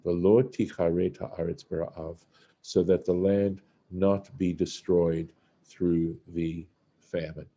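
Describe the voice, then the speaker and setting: A man teaching a Torah study lesson, reading Hebrew phrases and translating them one by one in an unhurried way. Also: low-pitched, dark tone, lo-fi sound.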